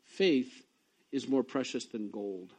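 A man preaching a sermon, reading scripture and telling personal stories, swinging from quiet low talk to loud excited bursts. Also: slow pace, breathy edge. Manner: reads scripture aloud between personal asides. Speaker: pastor.

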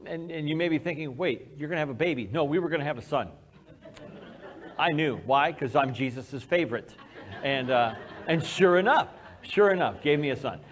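Guy pastor preaching, kinda high voice, tells stories, acts out the excited bits. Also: moderate pace. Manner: animated storytelling, acts out excited quotes. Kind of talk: sermon.

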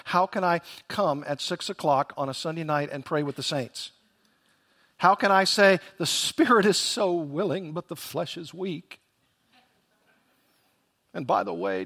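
A man's voice: a little high, vocal fry, fairly bright tone. A man preaching a sermon as pastor, earnest and emphatic, with rhetorical questions to the congregation.

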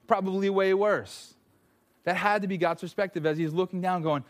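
A man preaching a sermon, conversational and animated, acting out the voices he quotes. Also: high-pitched, moderate pace. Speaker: pastor.

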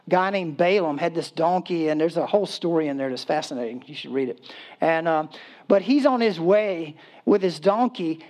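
A man preaching a sermon in a casual, humorous storytelling way, acting out voices and laughing as he goes. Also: sits high. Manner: acts out voices in quotes, animated. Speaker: pastor.

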